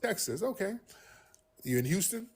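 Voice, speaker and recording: Guy running a call-in stream, husky voice, blunt and swears a lot. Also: high voice, moderate pace. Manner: blunt, profane, animated. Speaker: livestream host. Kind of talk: casual call-in livestream commentary.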